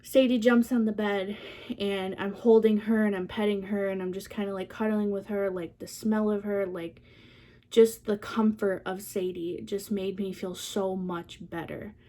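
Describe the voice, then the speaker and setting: A young woman vlogger telling a personal story in a soft, candid way, with many fillers and trailing pauses. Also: mid-range voice, steady tone.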